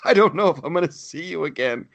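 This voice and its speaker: A man's voice: on the high side, lively intonation, quick pace, gravelly, fairly bright tone, dull audio, voice pushed up. A man putting on a tearful, overwrought male official, pleading in a mock-melodramatic way. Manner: mock-melodramatic, sobbing pleas.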